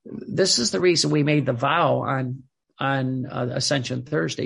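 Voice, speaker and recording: A man preaching a sermon in an earnest, halting way, often repeating words as he searches for the next thought. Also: mid-range voice, vocal fry, fairly bright tone, slightly rough.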